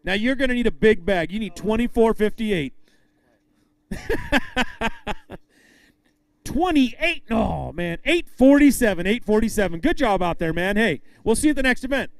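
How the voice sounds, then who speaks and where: A man emceeing a live fishing tournament weigh-in, upbeat, calling out names and weights with drawn-out emphasis. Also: high-pitched, expressive, creaky, no room sound.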